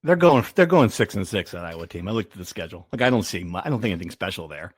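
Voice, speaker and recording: A man's voice: sits low, expressive, fast talker, breathy edge, dry recording, studio quality. A man hosting a sports podcast, chatting casually and telling rambling stories with many restarts. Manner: rambling, self-interrupting storyteller. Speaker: podcast host.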